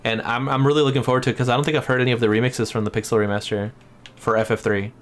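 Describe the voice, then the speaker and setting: Male game streamer, casual and excitable, light swearing; faint game music behind. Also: mid-range voice, racing. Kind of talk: casual gameplay chat.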